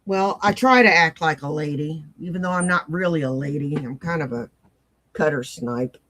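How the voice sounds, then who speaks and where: A woman's voice: sits low, normal speed, a bit bright, slight background noise, rough recording. Blunt self-mocking older woman. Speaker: commentary host. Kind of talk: casual rambling commentary.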